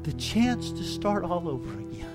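A man preaching a sermon with dramatic delivery, swinging between hushed reflection and loud, emphatic passages. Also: high voice, very animated, moderate pace, loud music behind the voice.

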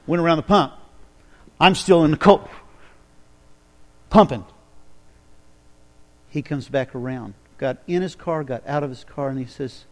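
Pastor telling a story. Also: male voice, a little high, a little slow, long pauses. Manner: dramatic storytelling, drops to a hush for quotes, builds to emphatic preaching. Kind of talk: sermon storytelling.

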